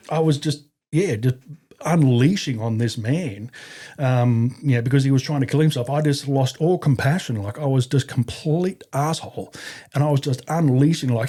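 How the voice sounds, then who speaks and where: A man's voice: medium pitch, normal speed, mellow. Blunt, profane middle-aged Australian man. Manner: blunt, profane, rambling with restarts. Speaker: podcast guest, army veteran. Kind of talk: casual anecdotal storytelling.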